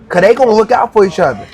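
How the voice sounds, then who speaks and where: A man co-hosting a podcast, chatting casually over a restaurant meal with loud, playful, slangy banter. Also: high-pitched. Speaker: podcast co-host. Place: busy restaurant. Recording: noisy restaurant crowd. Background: restaurant chatter and clinking dishes.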